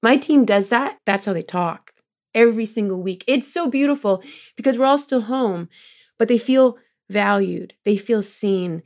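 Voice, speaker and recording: A middle-aged woman talking as a guest in an interview, telling lively stories about leading her team and quoting people in changing voices. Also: medium pitch, normal speed. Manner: animated storyteller, quotes others in changing voices. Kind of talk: conversational interview.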